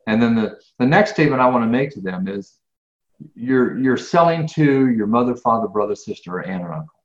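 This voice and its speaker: A man's voice: mid-range voice, a little fast. Earnest middle-aged man, roomy lo-fi sound. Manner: earnest, rambling, repeats words, grows animated when ranting. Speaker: guest, business speaker. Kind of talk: casual interview answers.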